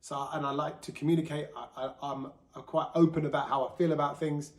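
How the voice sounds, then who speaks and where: A man with a slightly high, fairly flat voice hosts a podcast at a fairly quick clip in an echoey room. He talks openly and casually about himself, chatty, laughing, and slipping into quoted voices in a candid solo talk.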